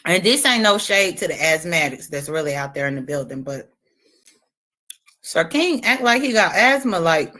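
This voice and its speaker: A woman's voice: on the low side, unhurried, pauses often. A woman livestreamer talking casually and brashly, taunting and cursing while she eats a lemon on stream. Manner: animated, talks while eating a lemon. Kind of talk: casual livestream trash talk.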